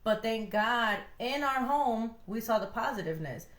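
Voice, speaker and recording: A woman's voice: fairly high pitch, moderate pace. A young woman from Connecticut co-hosting a podcast, giving casual relationship advice and acting out quoted voices as she talks. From Connecticut, USA. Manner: animated, acts out quoted voices. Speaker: podcast co-host. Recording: echoey room.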